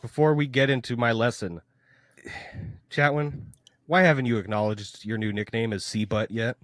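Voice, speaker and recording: A man co-hosts a casual podcast with his friends, telling stories in a lively, animated way. His voice sits at an ordinary pitch. The recording is dry, with no room sound. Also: moderate pace, no echo. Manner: animated storyteller, laughs while telling. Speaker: podcast host. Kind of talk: casual chat among friends.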